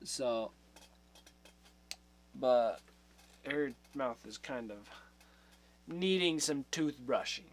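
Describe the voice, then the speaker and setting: Man, livestream host, casual chat, slow pace, medium pitch, laughs a lot. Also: lively intonation. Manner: chatty, laughs often, trails off.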